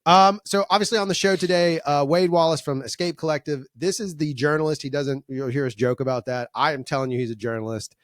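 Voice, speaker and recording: A man's voice: a little high, fairly even intonation, quick pace, few pauses, dry recording, clean studio sound. A man hosting a podcast in casual, joking chat, laughing often and rambling into asides. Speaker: podcast host.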